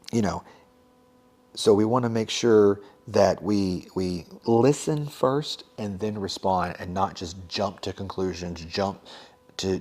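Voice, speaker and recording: Casual, lowish-voiced man giving advice. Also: darkish tone. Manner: conversational, many fillers and asides. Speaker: teacher and podcast host.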